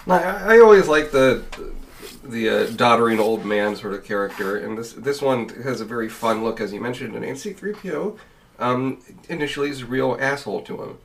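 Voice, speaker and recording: A man's voice: mid-range voice, animated, normal speed, a little hiss or hum. A man co-hosting a podcast, chatting casually and hesitantly, often restarting his sentences. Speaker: podcast co-host. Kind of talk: casual review chat. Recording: voice a bit distant from the mic.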